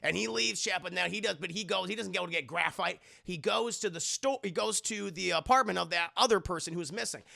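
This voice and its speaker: A man hosts a casual live review and retells scenes in an animated, profane way. His voice sits high and is heavily gravelly. It has a bright, edgy tone. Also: a little fast, few pauses. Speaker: streamer and show reviewer.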